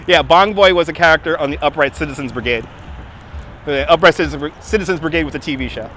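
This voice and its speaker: A man's voice: a little high, a little fast, fairly bright tone, slight background noise. A man with a Brooklyn accent hosting a casual live stream on a city waterfront, chatting, laughing often and thanking donors, recorded on a phone on a gimbal. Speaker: livestream host.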